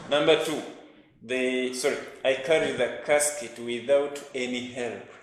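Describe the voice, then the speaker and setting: A Ugandan man teaching an English grammar lesson, speaking slowly and emphatically and repeating each example sentence. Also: mid-range voice. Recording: very echoey room, faint noise.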